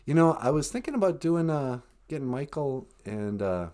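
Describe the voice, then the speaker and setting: A man co-hosting a comedy podcast, pitching ideas hesitantly with many fillers. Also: big pitch swings, moderate pace, mellow. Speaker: podcast co-host. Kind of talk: comedic banter.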